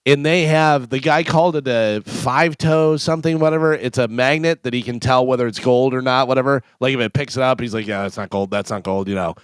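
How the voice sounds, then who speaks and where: A man's voice: medium pitch, fairly quick, few pauses, clean tone, dry recording. A man co-hosting a radio show, telling stories in casual chat and acting out the people in them. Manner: storytelling, acts out quotes. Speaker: radio co-host. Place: radio studio.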